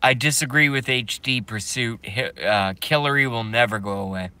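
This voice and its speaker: A man's voice: medium pitch, normal speed, sharp tone, smooth, no echo. A man on a live stream, talking to his viewers and reading their chat, emphatic and repetitive, often laughing in disbelief.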